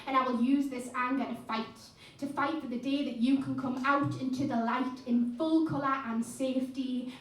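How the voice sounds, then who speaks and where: A woman poet performing spoken word live on stage, with an impassioned, rhythmic delivery and chatty asides between poems. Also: sits high. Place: live music venue stage. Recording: echoey room, mic at a distance.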